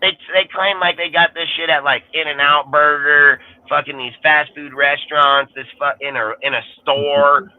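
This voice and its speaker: A man's voice: fairly high pitch, steady tone, moderate pace, hardly any pauses, no room sound. A man ranting on a sports podcast panel, swearing constantly and rambling heatedly in casual talk. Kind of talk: profane casual rant. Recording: tinny phone-like line.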